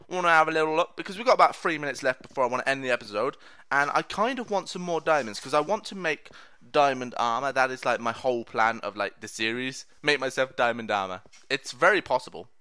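A man's voice: fairly high pitch, sharp tone, slight background noise. A man hosting gameplay commentary, chatty, playful and mock-boastful. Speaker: let's play host.

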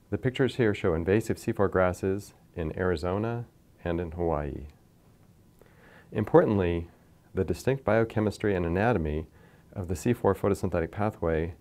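A man lecturing from slides in a measured, explanatory way, pointing to figures as he goes. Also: sits low, a little mellow. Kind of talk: scripted science lecture over slides.

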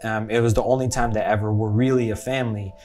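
A man's voice: lowish voice, fairly even intonation, fast talker, a little mellow, faint music behind. A man with an American accent giving a casual, rambling movie review, chatty and often correcting himself mid-sentence. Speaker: film reviewer.

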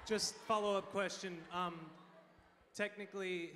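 Bright-voiced man moderating in a hall. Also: fairly high pitch, moderate pace, a little hiss or hum. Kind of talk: reading audience questions. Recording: reverberant chapel hall.

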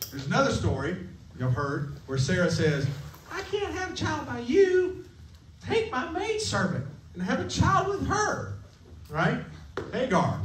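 A man's voice: on the high side, a little mellow, slight background noise. Guy preaching at camp chapel, kinda jokey, asks the kids stuff, echoey room, mic a bit far off. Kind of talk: casual sermon to middle schoolers.

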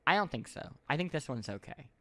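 A man's voice: fairly high pitch, expressive, fast talker, a bit bright, dry recording. A man casually chatting and joking while playing a video game, sometimes reading game lines aloud. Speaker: game show host. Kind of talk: casual gameplay chat.

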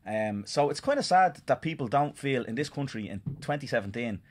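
A man's voice: medium pitch, expressive. An Irish man, a guest author, arguing a point earnestly in a casual discussion, with frequent restarts. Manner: earnest, rapid, argumentative with restarts.

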